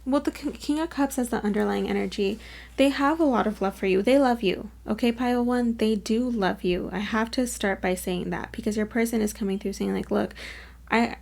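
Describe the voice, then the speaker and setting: A woman does a casual pick-a-card tarot reading to camera, chatty and effusive, full of "like" and "you guys" and other fillers. She is earnest and openly moved as she reads. Her voice is on the high side, a little fast, creaky and a little mellow.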